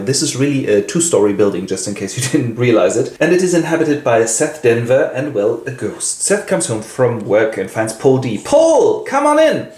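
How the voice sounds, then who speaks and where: A man's voice: mid-range voice, a little mellow. A man casually retelling a novel as host, breezy with playful asides. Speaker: literature summary host. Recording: roomy echo.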